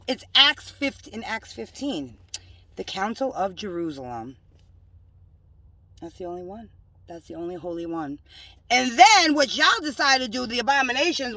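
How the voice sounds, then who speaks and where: A woman's voice: a little high, a bit bright, no echo. Scolding woman preaching from a distance. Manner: emphatic, scolding, joking asides. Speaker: self-styled religious preacher. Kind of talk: home-made religious video rant.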